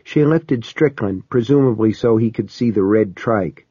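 A man reading a first-person story aloud as an audiobook narrator, in a steady, measured storytelling manner. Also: on the low side, husky, no room sound. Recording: dull, slightly lo-fi dry recording.

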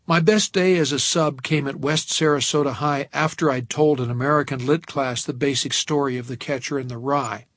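A man narrating an audiobook in a wry, measured storytelling manner, recorded close to a studio microphone. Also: medium pitch, steady tone, fairly bright tone, no echo.

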